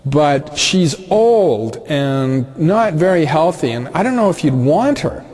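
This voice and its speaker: A man voicing a slow, gruff old male farmer in a told story. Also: fairly high pitch, big pitch swings, darkish tone.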